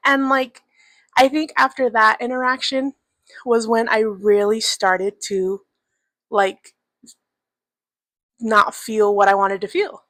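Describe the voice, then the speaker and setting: A woman's voice: a little high, fairly even intonation, measured pace, long pauses, a bit bright, dry recording. A young woman in her twenties hosting a podcast, talking candidly in a loose, chatty monologue full of swearing and filler words. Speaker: podcast host. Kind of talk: casual personal monologue.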